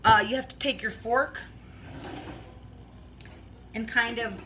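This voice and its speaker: A woman's voice: a little high, fairly even intonation, takes it slowly, pushed and bright, slight background noise, low-quality recording. A woman vlogging as she bakes in her home kitchen, chatting in a rambling way and laughing often. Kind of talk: casual chat while baking.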